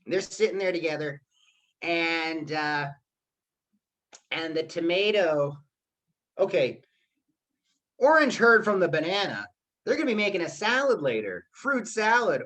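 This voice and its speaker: A man's voice: a little high, expressive, measured pace, pauses often, bright, forceful tone. A man teaching a live online class who keeps checking in with "okay?" as he talks. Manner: chatty, keeps asking "okay?". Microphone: computer mic on a video call.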